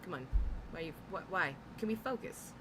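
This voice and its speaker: Woman in her thirties, reaction streamer, casual live chat, lively swooping pitch, humming air conditioner behind. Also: normal speed, noisy background. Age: 30s. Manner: chatty, laughs often, greets viewers.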